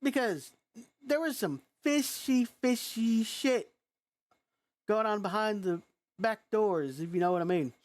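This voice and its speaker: A woman's voice: mid-range voice, animated, measured pace, a little mellow. A woman vlogger with a youthful-sounding voice, ranting in a frustrated, blunt and profane way. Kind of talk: angry reaction rant.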